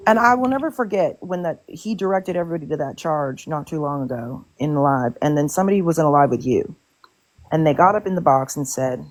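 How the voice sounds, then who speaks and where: A woman's voice: low voice, fast. A woman hosting a live stream in casual chat, ranting bluntly and swearing often in exasperation.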